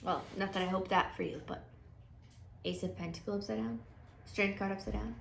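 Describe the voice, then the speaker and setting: A woman's voice: mid-range voice, steady tone, brisk, creaky, pauses often, a little hiss or hum. Chatty woman doing a casual tarot reading. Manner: chatty, thinks aloud, frequent fillers and restarts. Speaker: tarot reader.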